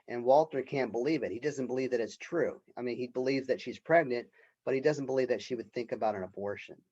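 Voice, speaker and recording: A male college professor talks through a play in an unscripted, easygoing way, full of "um" and "right?". His voice sits at a middle pitch, and the recording sounds slightly dull and lo-fi. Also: fast, darkish tone. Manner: unscripted, with fillers and rhetorical "right?"; reads character quotes with some expression. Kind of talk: lecture reading and explaining a play.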